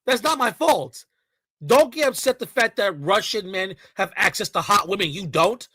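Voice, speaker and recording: A man's voice: high voice, lively intonation, normal speed, a bit bright, no room sound, low-quality recording. A man ranting in a heated, profane reaction commentary, full of mocking and sarcastic asides.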